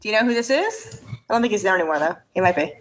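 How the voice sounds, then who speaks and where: A woman co-hosting a podcast in casual chat, animated and swearing as she rants and laughs. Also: medium pitch, very fast. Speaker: podcast co-host.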